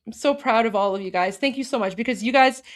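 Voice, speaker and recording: A woman's voice: fairly high pitch, quick pace. A young woman hosting a political livestream, talking casually and emotionally to her viewers with many fillers and restarts.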